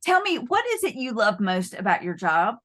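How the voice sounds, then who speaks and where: A woman's voice: medium pitch, sing-song, normal speed, fairly bright tone. A woman hosting an interview, effusive and affirming as she draws out her guest. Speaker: interview host.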